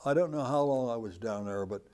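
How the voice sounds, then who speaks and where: Mellow-voiced man in his nineties. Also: medium pitch, a little fast. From United States. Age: 90s. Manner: animated storyteller, chuckling at his own tale. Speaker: veteran interviewee. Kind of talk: recounting war memories in an interview.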